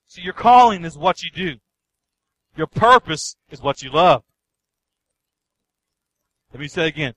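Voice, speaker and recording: A man's voice: sits high, pushed and bright, poor audio. A man preaching a sermon with emphasis, repeating key lines and acting out people's excuses. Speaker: pastor.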